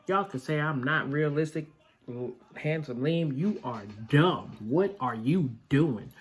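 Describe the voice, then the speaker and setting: A man hosting a casual sports picks vlog, talking in an unhurried, drawn-out way. He is blunt and opinionated, and his speech is full of ums and uhs. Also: medium pitch. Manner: blunt and opinionated, with many filler words. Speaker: vlog host.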